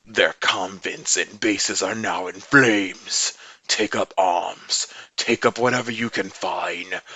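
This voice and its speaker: A man voicing a slow, solemn rebel cult leader. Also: lowish voice, sharp tone, dry recording, heavily acted. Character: rebel cult leader broadcasting a call to revolt.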